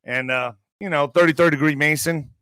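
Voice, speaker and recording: Reading out the news on his online show, this man keeps interrupting himself with cursing, sarcastic commentary. He talks fairly quickly in a highish, fairly bright voice. The audio is dry and poor.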